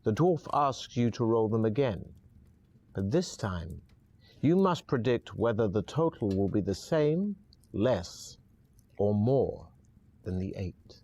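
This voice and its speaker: A man narrating a fantasy adventure game in the second person, calm and even. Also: on the low side, slow pace.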